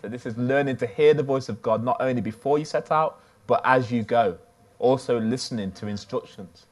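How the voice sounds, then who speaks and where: A man delivers a sermon as a relaxed storyteller, chatting his way through an everyday tale. He talks at a middle pitch, neither deep nor high. His delivery is loose and conversational rather than formal. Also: brisk. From United Kingdom. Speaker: preacher.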